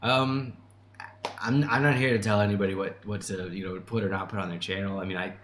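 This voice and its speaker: A man's voice: fairly low pitch, steady tone, a little fast, fairly bright tone, a little hiss or hum. A man hosting a casual livestream, reading and answering chat messages in a chatty way, laughing often and restarting his sentences. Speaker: channel host answering chat. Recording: echoey room with faint ambience.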